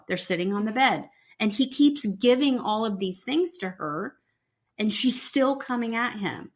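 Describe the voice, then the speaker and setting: A woman's voice: medium pitch, lively intonation, moderate pace. A woman co-hosting a podcast, chatting casually and arguing her points emphatically. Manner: emphatic, argumentative. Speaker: podcast co-host. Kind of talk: casual chat about a reality show.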